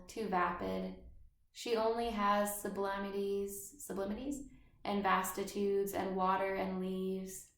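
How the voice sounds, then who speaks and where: A woman reads literary prose slowly at a middle pitch. Her delivery is flat and unhurried. The recording has a roomy echo. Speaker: audiobook reader. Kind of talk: literary reading.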